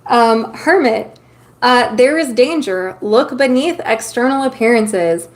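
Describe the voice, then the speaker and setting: Her voice a little high and expressive, a streamer talks slowly with her viewers as she lays out tarot cards. The chat is loose and full of filler ums, interrupted by her hiccups.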